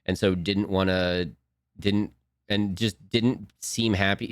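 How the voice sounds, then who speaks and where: A young man, a streamer rambling casually to his chat, self-mocking and quick to laugh. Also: lowish voice, clear, resonant tone, dry recording, clean studio sound.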